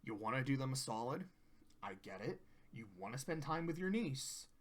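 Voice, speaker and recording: A man voicing a blunt young dragon sidekick, lecturing in a flat, low-key way. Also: normal speed.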